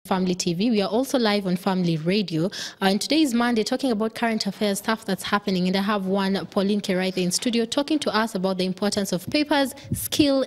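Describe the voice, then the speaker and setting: A woman hosting a live TV and radio talk show from a studio, talking in a conversational way with quick affirming replies. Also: mid-range voice.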